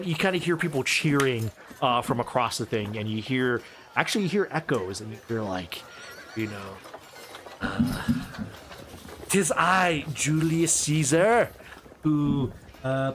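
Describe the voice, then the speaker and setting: A man's voice: medium pitch, a bit bright, slight background noise. A man narrating as game master of a tabletop role-playing game, in a loose, rambling way full of fillers.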